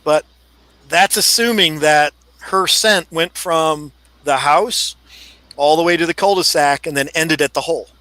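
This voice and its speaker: Bright, dry-voiced man explaining. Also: a little high, a little slow, no room sound, low-quality recording. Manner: explains at length, acts out dog thoughts in quotes. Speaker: dog handling expert guest. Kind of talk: casual podcast discussion.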